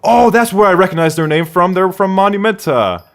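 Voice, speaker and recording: A man's voice: sits high, expressive, fairly quick. A man streaming a game live from his room at home, rambling casually and answering chat questions aloud.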